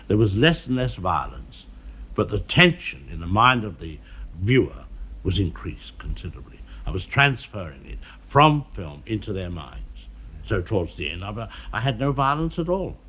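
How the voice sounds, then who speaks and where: Deep-voiced man, measured and dry. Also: big pitch swings, a bit bright, slightly rough. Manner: measured, dryly witty, hesitant with many "uh"s. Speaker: film director being interviewed. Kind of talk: archival TV interview.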